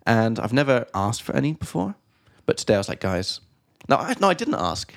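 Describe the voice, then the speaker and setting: A chatty man hosts a relaxed podcast, pausing to explain English expressions to his listeners. His voice sits at an ordinary middle pitch. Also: vocal fry. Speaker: podcast host and English teacher. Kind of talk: casual podcast chat. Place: studio.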